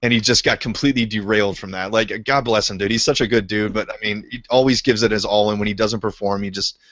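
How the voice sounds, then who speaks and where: A man's voice: lowish voice, steady tone, quick pace, fairly bright tone, no room sound. A man hosting a casual podcast, laid-back and laughing, cursing freely in his stories. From Canada. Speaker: podcast host. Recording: muffled, lo-fi podcast audio.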